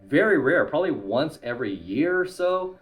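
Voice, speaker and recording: A man's voice: on the high side, sing-song, moderate pace. A man and YouTuber coach talking bluntly in a casual monologue to camera, tagging his points with "right?". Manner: blunt, tags lines with "right?".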